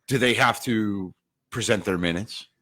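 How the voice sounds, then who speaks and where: A man co-hosting a casual podcast chat, animated and quick to laugh. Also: on the low side. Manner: animated, laughing, does comic put-on voices. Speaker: podcast co-host.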